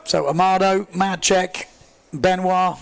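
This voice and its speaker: A man commentating a live race stream, excitable and chatty, joking at his own expense as he reads viewer comments. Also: high-pitched, slow pace, gravelly, clear, resonant tone. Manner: excitable, chatty, self-deprecating, rambling with fillers. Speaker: livestream sports commentator.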